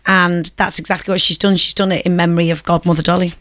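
A woman's voice: fairly low pitch, flat delivery, fast, a bit bright, no echo, clean studio sound. A woman co-hosting a radio show, chatty and insistent, filling her talk with "like". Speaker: radio co-host. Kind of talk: casual radio chat. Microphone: studio microphone.

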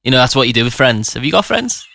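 A man's voice: medium pitch, very animated, quick pace, gravelly, pushed and bright. A man co-hosting a radio show, trading cheeky banter. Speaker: radio co-host. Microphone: studio microphone.

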